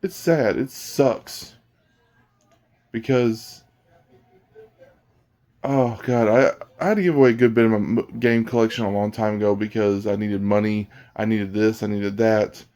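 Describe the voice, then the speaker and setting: A man's voice: fairly low pitch, steady tone, measured pace, pauses often, a little mellow. A man vlogging about games in a blunt, rambling casual rant, often restarting his sentences. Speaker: gaming vlogger.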